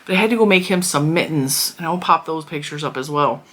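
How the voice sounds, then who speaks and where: A woman's voice: low-pitched, fast, fairly bright tone. A woman in her thirties chatting casually to her viewers, rambling with frequent fillers and restarts. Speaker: crochet vlogger. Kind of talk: casual chat.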